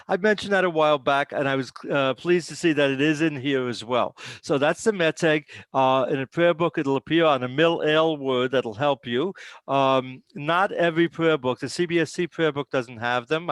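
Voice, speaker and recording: A man's voice: a little high, fairly bright tone, dry recording. A man teaching a beginners' language class over a video call, patient and encouraging with his students. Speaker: Hebrew teacher. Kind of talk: online class instruction.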